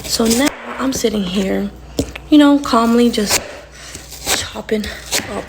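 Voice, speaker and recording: A woman's voice: fairly high pitch, slow pace, long pauses, noisy background. A young woman telling casual storytime stories about her little sister, acting out the lines in her story as she goes.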